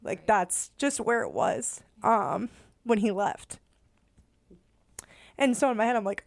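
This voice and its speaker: A woman's voice: on the high side, slow, vocal fry, pauses often, no room sound, studio quality. A young adult woman, a podcast guest, telling her personal story with emotion and acting out remembered dialogue. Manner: animated, acts out remembered dialogue. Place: studio.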